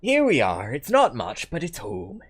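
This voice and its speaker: A man's voice: on the high side, wildly swooping pitch, unhurried, pitched above the performer's own voice, full character voice. A man voicing a sweet, chatty old country grandmother with a West Country accent, fussing and motherly. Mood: cheery fussing. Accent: West Country English. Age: older. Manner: chatty, fussing, sing-song.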